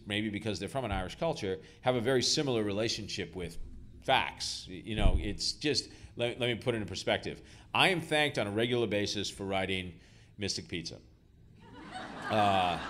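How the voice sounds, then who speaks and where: A man with a fairly low voice tells wry, self-mocking stories to a live audience. He speaks in bursts with many ums and restarts and a dry, amused timing. The talk is loose and unscripted. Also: fairly bright tone. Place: school auditorium before an audience.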